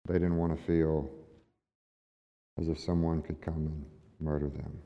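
A man's voice: a bass voice, level tone, measured pace, creaky. Man preaching in a big reverberant hall. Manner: conversational preaching with rhetorical questions to the congregation. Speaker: pastor. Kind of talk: sermon. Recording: dull lo-fi sound with long hall reverb.

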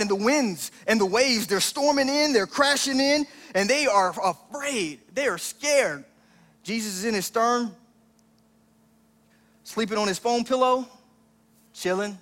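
A man's voice: high voice, a bit bright, in a large hall. A man preaching a sermon as pastor, in a conversational style that acts out the lines he quotes.

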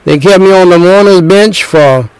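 A middle-aged man preaching a sermon, slow and emphatic, repeating phrases and telling stories. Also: high voice, clean tone, dry recording, rough recording.

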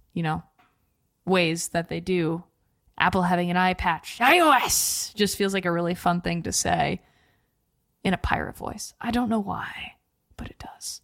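A woman's voice: on the low side, no room sound, clean studio sound. Playful, chatty woman hosting a podcast. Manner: playful, chatty, asks questions. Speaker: podcast host. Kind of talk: casual podcast discussion.

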